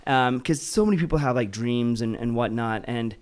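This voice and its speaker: A man's voice: medium pitch, moderate pace, smooth. A man hosting a podcast, talking casually and eagerly affirming his guest. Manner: eager, affirming, says "dude" and "yeah". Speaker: podcast host. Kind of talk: casual interview talk.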